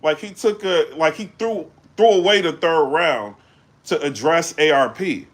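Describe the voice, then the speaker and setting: A man chatting casually on a live stream, animated and full of fillers, breaking into loud shouts when he gets excited. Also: a little high, a little slow. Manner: animated, loose, full of fillers like "you know what I'm saying". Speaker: battle rap commentator.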